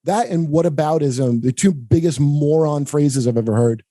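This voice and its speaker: A man hosts a podcast full of rambling, profane casual chat, often laughing and mimicking people in higher voices. He speaks at normal speed in a mellow voice, and the recording is dry.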